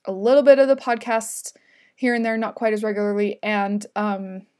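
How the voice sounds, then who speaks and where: A woman's voice: on the high side, darkish tone. A woman hosting a casual livestream from home, chatting in a giggly way and reading viewer comments aloud. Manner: chatty and giggly, with many fillers.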